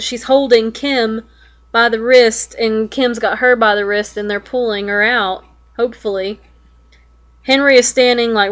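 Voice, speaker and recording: Young woman, slightly high voice, reads a web story aloud and reacts with casual swearing and sudden alarm. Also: fairly bright tone. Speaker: web fiction reader reacting.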